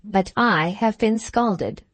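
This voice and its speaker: A woman's voice: mid-range voice, slow, no echo. Clara, a resolute young Victorian woman, as a narrator reads her. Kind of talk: audiobook dialogue reading.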